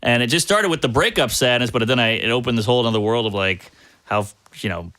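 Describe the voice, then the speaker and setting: A man's voice: mid-range voice, expressive, fast talker, pushed and bright, clear, resonant tone. A man, a guest comedian, telling long self-deprecating stories in a casual, profane podcast chat.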